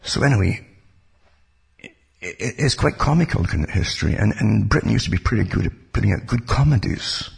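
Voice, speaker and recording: A man's voice: lowish voice, animated, a little fast, creaky, husky. A man giving a rambling, casual talk about history, full of digressions and asides. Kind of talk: casual spoken history monologue.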